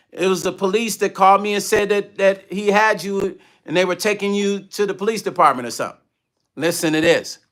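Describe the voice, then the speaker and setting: A middle-aged man telling stories on a casual livestream, with a high, bright, forward voice. He talks with passion, circles back on his own phrases and stops now and then to thank viewers. His delivery is loose and personal. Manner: passionate, repeats phrases, thanks donors mid-story. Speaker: music vlogger on a livestream.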